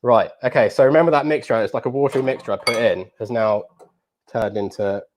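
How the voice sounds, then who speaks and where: A man hosting a live cooking challenge, hurried and breathless, then chatty and full of ums as he explains his dishes. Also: medium pitch, darkish tone, slight background noise. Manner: flustered and breathless under time pressure, then chatty explaining with many ums.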